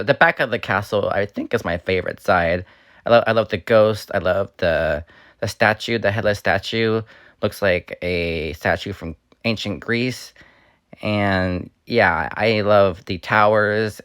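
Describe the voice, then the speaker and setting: Man with a slightly raspy voice, low-pitched. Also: a bit bright, no room sound, clean studio sound. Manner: rambling, with fillers and restarts. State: slightly raspy, recovering from illness. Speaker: YouTuber. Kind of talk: casual voice-over for a store walkthrough.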